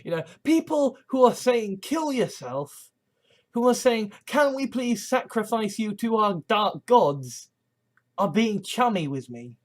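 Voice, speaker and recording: Field: casual vlog monologue. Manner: halting, rambling, full of false starts and nervous chuckles. Pitch: middling, with lively rises and falls. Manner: rambling, halting with frequent restarts and nervous laughs; swearing, earnest and agitated. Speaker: vlogger.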